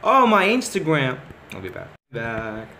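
Excitable male gamer, slow-talking, thinking aloud through a horror game, faint ambience behind. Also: medium pitch, slight background noise. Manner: excitable, talks to himself, repeats words. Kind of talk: let's play commentary.

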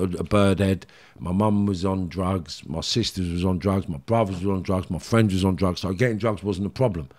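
A man's voice: low-pitched, a little mellow. A middle-aged man with a London Cockney accent, a podcast guest candidly telling rambling, streetwise stories from his past. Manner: streetwise, rambling, frequent "do you know what I mean". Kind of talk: candid storytelling interview.

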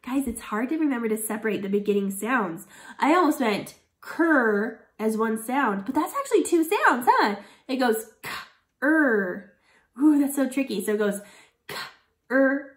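A woman teacher leading a phonics lesson for children, sounding out words slowly and encouraging her viewers. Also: a little high, very animated. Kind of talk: early reading lesson for children. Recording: echoey room.

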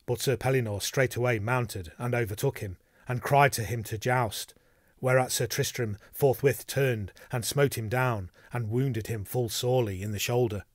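This is an audiobook narrated by a man with a mid-range voice. He keeps an even, measured storytelling manner, captured dry with clean studio sound.

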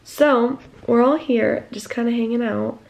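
A woman's voice: fairly high pitch, steady tone, measured pace, creaky, darkish tone. A young woman in college chatting casually to the camera in a vlog, with lots of "like" fillers. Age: young adult. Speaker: vlogger. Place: at home and out on errands.

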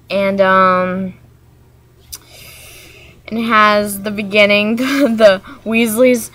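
A woman's voice: mid-range voice, steady tone, slow, long pauses, a bit bright. A woman from Maryland chatting casually in a vlog, talking in a hyper, rambling way that jumps from topic to topic. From Maryland, USA. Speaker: vlogger.

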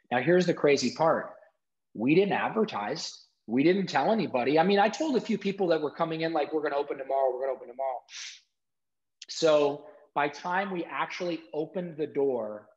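Animated middle-aged man telling a story. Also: mid-range voice. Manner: animated, acts out quotes, many "like" fillers. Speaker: interview guest. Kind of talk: emotional storytelling in an interview. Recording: dull lo-fi sound.

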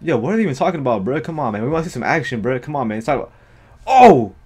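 A man hosting an anime reaction video, talking in excitable, slangy and profane casual commentary full of exclamations. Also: medium pitch, racing, husky.

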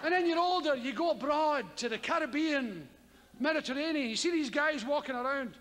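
A Scottish man doing stand-up comedy, telling a story with heavy swearing and loud yelped sound effects. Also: extremely high pitch, brisk. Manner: animated, profane, loud vocal sound effects. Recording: live hall with audience ambience.

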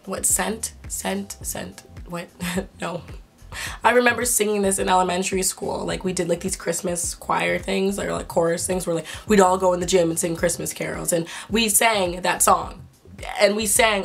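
A young woman vlogging casually to camera, excitable and incredulous, with a sore throat. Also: on the low side, a little fast, creaky. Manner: excitable, swearing, laughing, incredulous.

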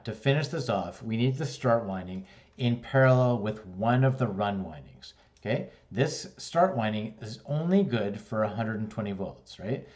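Low-voiced man teaching motor wiring. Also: a little mellow. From Canada. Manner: conversational, explains step by step with frequent "right?" and "okay?". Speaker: electrical instructor. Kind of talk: casual classroom lesson.

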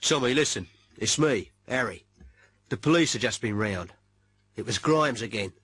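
A man's voice: mid-range voice, lively intonation, moderate pace, a bit bright, breathy edge, no echo. A man acting an anxious man who phones a friend, nervous and apologetic.

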